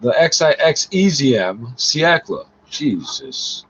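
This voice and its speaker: A man reading French aloud haltingly in a casual solo recording, cursing and arguing with the text between lines, often muttering his asides. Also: medium pitch, very animated, a bit bright, slight background noise. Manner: profane, argumentative, mutters asides under his breath; reads French haltingly, stopping to correct himself. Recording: dull lo-fi recording with faint music. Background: faint music.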